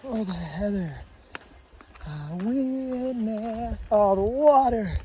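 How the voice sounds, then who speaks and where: Vlogging hiker from washington, unhurried and amazed, outdoors with a faint hiss. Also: medium pitch, mellow. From Washington state. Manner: awestruck, exclaims often, rambling. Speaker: long-distance hiker. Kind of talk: walking trail vlog, thinking aloud. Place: outdoors on a mountain trail.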